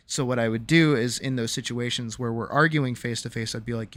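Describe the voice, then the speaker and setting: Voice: medium pitch, fairly quick, hardly any pauses, fairly bright tone. A young adult streamer telling a candid personal story to a live chat from a home room, reflective and hesitant, with many ums and restarts.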